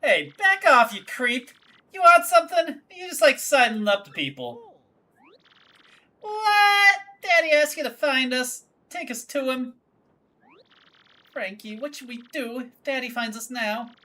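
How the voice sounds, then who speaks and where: A woman voicing a lovestruck young female creature in a video game, pleading in a high, melodramatic way. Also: very animated, a little slow, sharp tone, full character voice.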